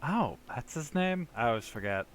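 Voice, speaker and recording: Easygoing man player, lively pitch. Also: normal speed, a little hiss or hum. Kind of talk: casual tabletop play.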